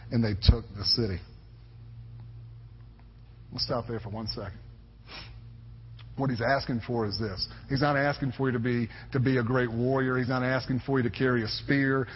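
A pastor in his thirties preaches a sermon in an emphatic, conversational way, repeating phrases for weight. His medium-pitched voice has a breathy edge, and the recording sounds dull and lo-fi in an echoey hall.

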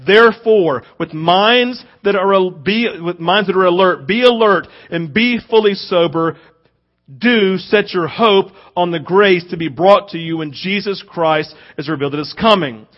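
A man preaching a sermon, reading scripture and then acting out little scenes to press his points, swinging from loud emphasis to near-murmured asides. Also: high voice, unhurried. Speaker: pastor. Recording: dull lo-fi sound.

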